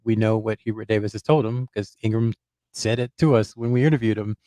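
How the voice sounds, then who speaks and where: A man's voice: fairly low pitch, steady tone, brisk, warm tone, dry recording, clean studio sound. A man on a podcast, a basketball reporter who hedges and thinks aloud with lots of fillers and restarts. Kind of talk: casual podcast chat.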